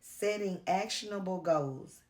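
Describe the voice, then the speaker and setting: Tired woman vlogger, low voice, slow and earnest, confessional to-camera talk. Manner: earnest, confessional, with pauses and fillers. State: tired, worn out. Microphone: camera mic.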